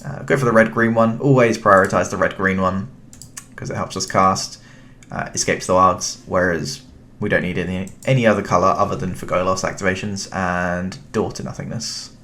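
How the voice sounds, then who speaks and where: A man's voice: low-pitched, steady tone, normal speed, sharp tone, a little hiss or hum. A young British man casually commentating his own card game, thinking aloud and chatting to his opponent.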